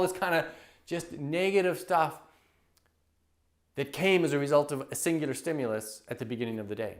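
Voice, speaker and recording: A man working as a happiness coach, giving an enthusiastic, animated teaching talk to camera and acting out everyday scenes. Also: on the high side, a little fast. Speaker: happiness coach and public speaker.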